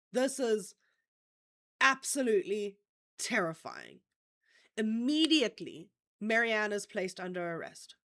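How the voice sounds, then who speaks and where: A woman's voice: fairly high pitch, fairly bright tone. A woman hosting a livestream, telling a true-crime story in a casual, chatty way, often checking in with "okay?" and swearing offhandedly. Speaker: stream host.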